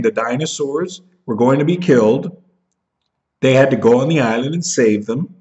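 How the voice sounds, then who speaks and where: Angry man ranting into a webcam, bitter and profane, mid-pitched, slightly dull lo-fi audio. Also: lively intonation, moderate pace, darkish tone. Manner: bitter, profane, jumps into mocking voices when he is upset. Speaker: vlogger. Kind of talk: angry rant to camera.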